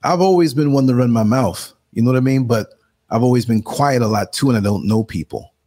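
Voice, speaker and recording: A man in his sixties with a New York accent, hosting a live show and chatting casually, telling animated stories and acting out quotes in a higher voice. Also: fairly quick. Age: 60s. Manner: animated storyteller, acts out quotes in a higher voice, laughs often. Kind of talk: casual live-stream chat.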